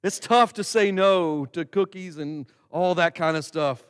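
A man preaching as a pastor, talking casually to the congregation and slowing to stress words when he recites a prayer. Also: high voice, clear, resonant tone. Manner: conversational, with slow emphatic prayer recitation. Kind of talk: sermon. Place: church sanctuary. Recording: long hall reverb.

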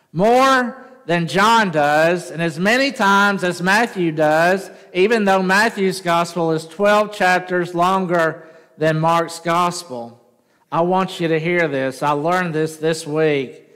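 Pastor preaching in a reverberant church. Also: male voice, fairly high pitch, a bit bright. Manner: conversational preaching with rhetorical questions to the congregation. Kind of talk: sermon. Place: church sanctuary. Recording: long hall reverb.

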